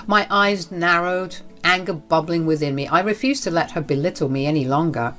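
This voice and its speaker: Woman narrator, low voice, earnest dramatic storytelling over faint music. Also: moderate pace, hardly any pauses, a bit bright. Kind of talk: scripted first-person story narration.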